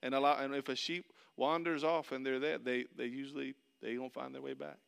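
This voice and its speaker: A middle-aged man preaching a sermon, telling a personal story and swinging between loud excitement and hushed, soft passages. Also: mid-range voice, fairly quick, creaky, clear, resonant tone. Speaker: pastor. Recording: long hall reverb.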